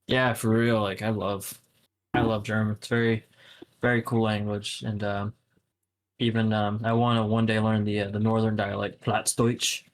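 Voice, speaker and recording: Low, flat-voiced rambling young man. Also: normal speed. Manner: rambling, full of fillers and profanity. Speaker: podcast co-host. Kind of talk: casual chat.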